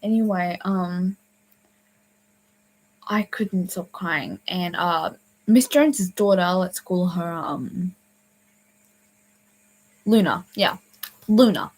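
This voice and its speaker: A woman's voice: fairly low pitch, takes it slowly, pauses often, darkish tone, low-quality recording. A young adult woman telling a personal story in a casual, rambling way, full of fillers, restarts and sudden whispers. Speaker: storyteller vlogger.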